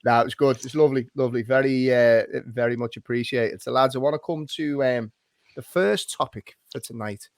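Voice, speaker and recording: A man's voice: mid-range voice, fairly quick, no room sound. Brief: dad-aged man, podcast host, easy jokey banter, dry close sound. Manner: chatty, jokey, leads the talk. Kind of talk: casual chat.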